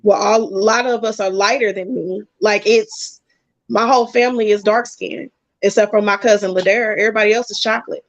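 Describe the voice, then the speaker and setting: A woman guest chatting casually, telling a personal story in animated bursts. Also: mid-range voice, brisk, no room sound. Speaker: podcast guest. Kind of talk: casual chat. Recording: dull, dry lo-fi sound.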